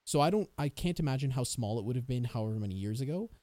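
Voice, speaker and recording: A man's voice: medium pitch, animated, fast, warm tone, dry recording. A man hosting a casual true-crime podcast, rambling and sarcastic as he thinks aloud. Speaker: podcast host.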